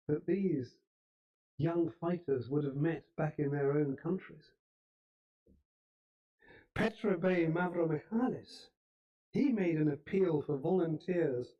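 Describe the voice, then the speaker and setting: A man delivers a history talk in a church hall, telling it like a story and now and then restarting a phrase. His voice sits a little high but stays warm and mellow. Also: lo-fi sound. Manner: storytelling, unhurried, with small restarts. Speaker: speaker giving a history talk. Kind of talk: lecture.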